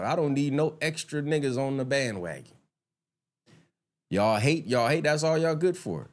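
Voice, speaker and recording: A man's voice: mid-range voice, animated, normal speed, long pauses. Fired-up casual streamer man. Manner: chatty, addresses viewers, swears freely; gets heated and indignant when ranting. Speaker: live streamer. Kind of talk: casual live-stream commentary.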